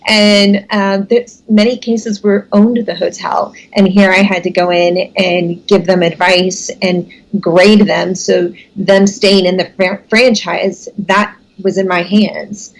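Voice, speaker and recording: A woman's voice: mid-range voice, level tone, slow, poor audio. A woman in her thirties from the United States, telling her career story as an interview guest in a candid, self-deprecating way with frequent laughs.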